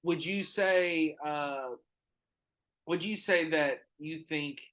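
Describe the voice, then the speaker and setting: A man's voice: on the high side, fairly bright tone, rough recording. A man hosting a casual podcast, easygoing and full of fillers, recorded outdoors in a backyard. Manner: easygoing, many fillers and restarts, quick backchannels. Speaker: podcast host.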